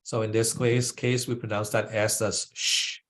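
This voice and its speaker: A man's voice: on the low side, level tone, moderate pace, fairly bright tone. A man teaching a devotional class how to pronounce Sanskrit verses, patiently breaking words into syllables and often checking in with "right?".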